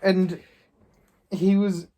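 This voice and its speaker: A man's voice: high voice, flat delivery, extremely slow, mellow. A young man from England chatting casually, retelling a shop argument in a rambling way. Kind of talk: casual chat, storytelling.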